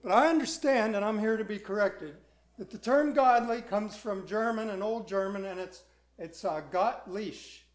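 A man's voice: high voice, normal speed. A male pastor preaching a sermon in a conversational way, putting questions to the congregation.

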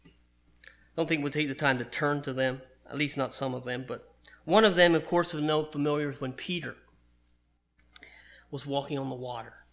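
A man's voice: medium pitch, moderate pace, long pauses, a bit bright. A man preaching a sermon in an earnest, conversational way, reading and explaining scripture.

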